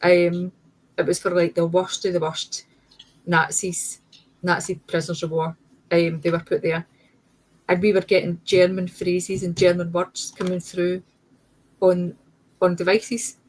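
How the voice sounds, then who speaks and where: A woman's voice: fairly low pitch, flat delivery, unhurried, pauses often, a little mellow, rough recording. A woman speaks as a guest in a casual conversation. She argues her point insistently and emphatically, breaking off and restarting her sentences. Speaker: guest paranormal investigator. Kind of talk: casual chat.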